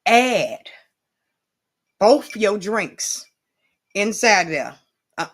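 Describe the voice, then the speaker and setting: A woman's voice: medium pitch, takes it slowly, pauses often, fairly bright tone. A woman hosting an improvised comedy cooking show, rambling in a playful way with asides to the viewer.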